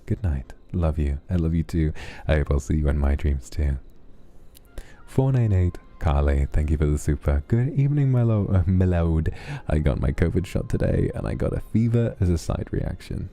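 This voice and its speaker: A man hosting a soft late-night ASMR stream, gently reading viewers' messages aloud and answering them affectionately. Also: sits low.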